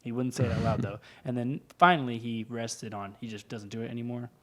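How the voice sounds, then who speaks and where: A man's voice: mid-range voice, fairly even intonation, a little fast, a bit bright. A young man co-hosting a podcast, chatting casually, rambling and laughing as he goes. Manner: rambling, laughs often, restarts words. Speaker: podcast co-host. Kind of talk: casual chat.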